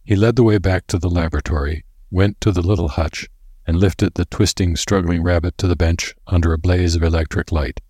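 A man reads a story aloud in a measured, steady manner. His voice is deep with a husky grain, and the recording is dry and close with no room sound. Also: no echo. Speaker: narrator. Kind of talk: scripted narration.

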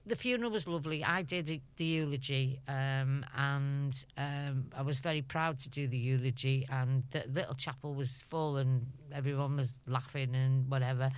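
Woman, Scouse accent, middle-aged, interview guest, chatty storyteller, deep voice, dry close sound. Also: clear, resonant tone, dry recording. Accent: Liverpool (Scouse). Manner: chatty storyteller, laughs often. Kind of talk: anecdotal interview chat.

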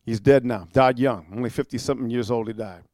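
A man's voice: mid-range voice, steady tone, fast, a little mellow, dry recording, studio quality. A man preaching a sermon, emphatic and rhetorical, prodding listeners with repeated "amen?" and "huh?".

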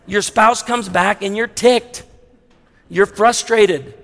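A man preaching a sermon as pastor, emphatic, slowing down hard on key lines, with wry asides. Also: high voice, steady tone, a bit bright. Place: large church sanctuary with long reverb. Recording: long hall reverb in a sanctuary.

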